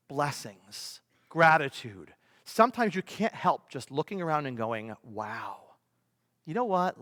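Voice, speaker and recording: A man, a pastor, preaching a sermon with emphatic delivery, rhetorical questions and swings between loud and soft. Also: a little high. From United States. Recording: long reverb of a large hall.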